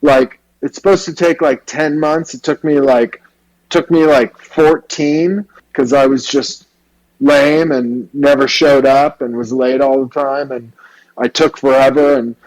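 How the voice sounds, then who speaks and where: A man telling stories in an interview, animated and casual with lots of slang. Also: medium pitch, a little slow, poor audio. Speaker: hairstylist guest. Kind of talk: storytelling interview.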